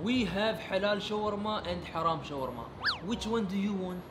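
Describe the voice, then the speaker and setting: A man playing a cheeky Arab waiter, high and sarcastic. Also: moderate pace, lightly acted. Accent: Arabic-accented English. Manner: broken English, sarcastic insults, dropped Arabic words. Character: cheeky male Arab restaurant waiter, rude. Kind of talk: comedy sketch acting. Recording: roomy sound with background noise.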